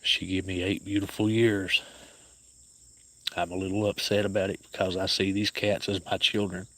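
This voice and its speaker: A man with an Appalachian accent, hosting a casual livestream outdoors and speaking softly to viewers by name. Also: low-pitched, flat delivery, moderate pace. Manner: soft-spoken, grieving, talks to viewers by name. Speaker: cat sanctuary livestream host.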